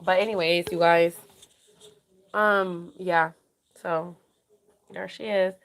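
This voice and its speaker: A tired woman hosts a relaxed call-in podcast. She chats in a loose, scattered way and laughs often. She sometimes switches to a sing-song voice to coax a baby. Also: fairly low pitch, slow. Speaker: podcast host. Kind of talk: casual chat with a caller.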